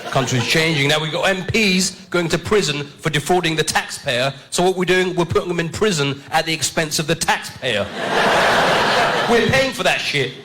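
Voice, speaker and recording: Brash stand-up comic. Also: male voice, a little high, a little hiss or hum. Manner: brash, rapid-fire punchlines. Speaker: stand-up comedian. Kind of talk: stand-up comedy set. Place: comedy stage. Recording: live show with loud laughing crowd.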